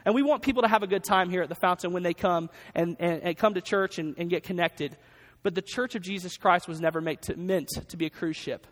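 A man preaching a sermon as pastor in a church, energetic and emphatic, often repeating his key phrases. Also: high-pitched, fairly quick. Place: church sanctuary. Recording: long reverb of a large hall.

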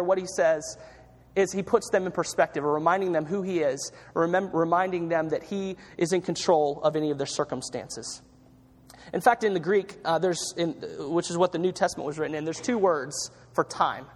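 A man's voice: sits high, brisk, long reverb tail. A man preaching a sermon as pastor, in a conversational way, often restarting and repeating words.

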